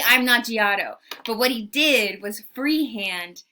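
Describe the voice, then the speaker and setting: A woman art history teacher telling stories in a casual classroom way, chatty and animated, acting out quotes. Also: fairly high pitch, measured pace, hardly any pauses.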